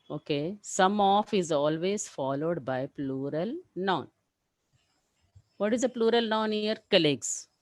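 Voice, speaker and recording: A woman teaching a live English grammar class, explaining rules step by step and often checking with "clear?". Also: on the low side, no room sound, poor audio.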